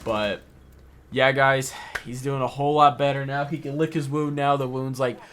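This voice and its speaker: Young man, gaming vlogger, emotional, rambling, mid-pitched voice. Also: steady tone, moderate pace, fairly bright tone, a little hiss or hum. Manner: rambling, heavy on "like" and "or whatever". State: emotional, voice wavering. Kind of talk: casual personal talk over gameplay.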